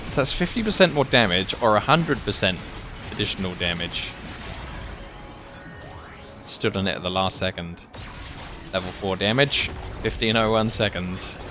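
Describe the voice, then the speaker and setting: A man giving casual live commentary as he plays a video game, thinking aloud with excitable outbursts. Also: lowish voice, noisy background. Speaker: gaming channel host.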